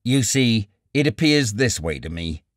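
A man's voice: lowish voice, very animated, dry recording, clean studio sound. A man reading a bitter, coolly reasoning young writer. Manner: measured, cool, argumentative. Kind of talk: audiobook character reading.

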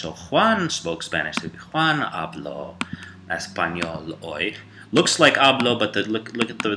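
A man's voice: low-pitched, background noise. A man giving a casual grammar lesson, talking loosely with fillers and self-corrections. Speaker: Spanish teacher.

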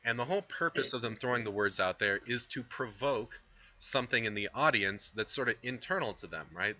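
A man's voice: fairly low pitch, pushed and bright, dull audio. A man giving a casual recorded lecture on philosophy, explaining with fillers and conversational asides. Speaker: philosophy instructor.

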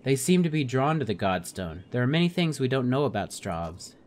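A man voicing a calm, wise mystic woman in a game, reading her lines in a slow, measured, solemn way. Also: mid-range voice, lightly acted.

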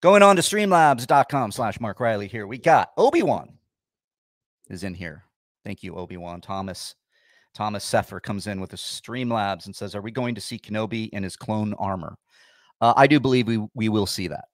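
A fairly low-voiced man talks casually on his livestream, sarcastic and a little grumpy as he answers viewers. The sound is dry and close, with no room around it. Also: normal speed, no echo. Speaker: livestream host.

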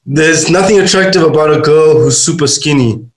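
A young man from South Africa co-hosting a comedy podcast, reading tweets aloud and laughing between jokes. His voice sits a little high, and the room adds a noticeable echo. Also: moderate pace. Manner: joking, reads tweets aloud, laughs often. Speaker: podcast co-host. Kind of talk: casual comedic chat.

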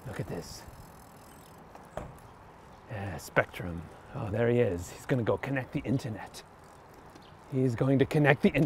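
A vlogger pedals his bicycle along quiet town streets, rambling to himself, arguing back and forth in two voices and slipping in and out of a half-British accent. His lowish voice is creaky and husky, at normal speed with long pauses. Faint street and traffic noise hums behind him.

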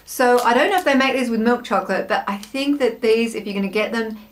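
A woman's voice: on the high side, quick pace. An Australian woman hosting a snack taste-test vlog, chatting to camera in a bubbly, self-mocking way. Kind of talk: casual chat to camera.

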